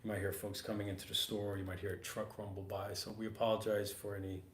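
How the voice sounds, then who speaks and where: A lowish, slightly hoarse man hosts a relaxed chat, rambling and easygoing with plenty of fillers. He sounds like he's in a roomy shop, with a faint hum of ambience behind him. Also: fast. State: hoarse, getting over losing his voice. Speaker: podcast host. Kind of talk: casual chat. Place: art supply store, working studio.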